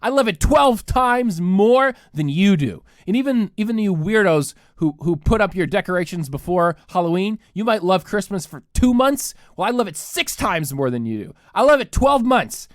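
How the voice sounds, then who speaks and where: Man, 30s, podcast host; sarcastic comic rant, very animated pitch, dry close sound. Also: normal speed, hardly any pauses, no room sound. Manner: mock-indignant, sarcastic, exaggerated. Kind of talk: comedic solo rant.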